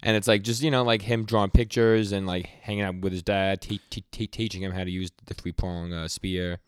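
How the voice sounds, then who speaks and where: A man's voice: deep voice, level tone, smooth, no echo. A young man co-hosting a podcast, retelling comic scenes casually and stumbling over words. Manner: retells scenes in quick quoted lines, many stammers. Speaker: podcast co-host. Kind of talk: casual manga recap chat.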